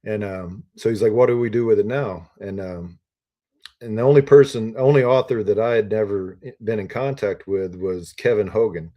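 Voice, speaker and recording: A man's voice: lowish voice, moderate pace, highs cut off. A retired Army officer in his fifties, a podcast guest telling stories in a rambling way full of ums and uhs. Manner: rambling, filler-heavy storytelling with many ums and uhs. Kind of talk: casual storytelling interview.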